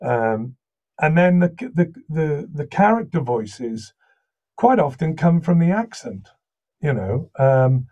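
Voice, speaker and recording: A man with a slight Welsh accent, from Wales, chatting casually as a guest voice actor and telling lively anecdotes. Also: on the high side, takes it slowly, highs cut off. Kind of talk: casual interview chat.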